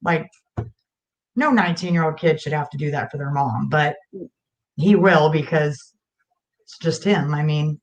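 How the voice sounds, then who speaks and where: A woman's voice: sits low, measured pace, pauses often, dull audio. Frank, emphatic woman guest. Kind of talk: casual chat.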